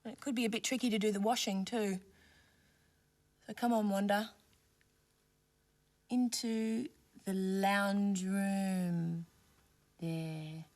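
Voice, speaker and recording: A woman presenting a children's TV show, playing gently with toy animals and asking the young viewers questions. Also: mid-range voice, steady tone, slow, pauses often.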